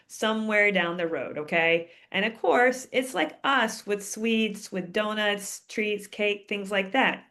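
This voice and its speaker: A woman's voice: medium pitch, a bit bright. A woman veterinarian answering viewer questions in a chatty, casual way, often ending sentences with "okay?". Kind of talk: casual advice Q&A.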